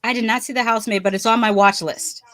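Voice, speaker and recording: A woman's voice: on the high side, steady tone, fast, fairly bright tone, dry recording. A woman co-hosting a casual livestream chat, laughing often and reading comments from the chat aloud. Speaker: co-host. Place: home, live stream.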